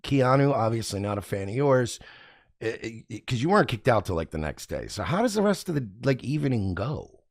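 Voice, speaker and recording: A man's voice: medium pitch, sing-song, fairly quick, dry recording, clean studio sound. A man hosting a radio talk show, chatting in a blunt, profane, rambling way. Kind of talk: casual, crude talk-show banter.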